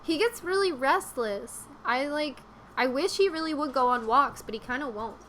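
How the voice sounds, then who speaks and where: Young woman, live stream chat, rambling, giggly, high-ish voice, faint background noise. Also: animated, moderate pace, fairly bright tone.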